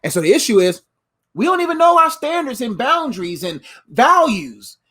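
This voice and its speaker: Animated slangy male life coach. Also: extremely high pitch, normal speed. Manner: animated and playful, slangy asides. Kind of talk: motivational faith talk.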